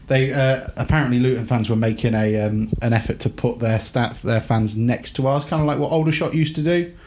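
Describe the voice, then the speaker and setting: A man's voice: mid-range voice, a little fast, a little mellow. A man co-hosting a podcast in easygoing chat. He rambles, trails off into fillers and makes fun of himself as he goes. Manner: rambling, self-mocking, lots of fillers. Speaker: podcast co-host. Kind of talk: casual chat.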